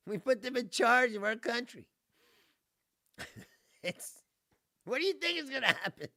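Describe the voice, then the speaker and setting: A man's voice: very high-pitched, very animated, unhurried, creaky, pushed and bright, dry recording, clean studio sound. A man hosting a livestream, ranting casually with profanity and frequent laughter, mocking people in impressions. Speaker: livestream host. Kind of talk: casual ranting political monologue.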